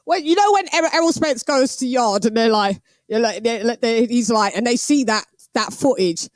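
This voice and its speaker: A woman hosting a boxing livestream, chatting casually with patois slang and lively banter. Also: a little high, moderate pace, no echo.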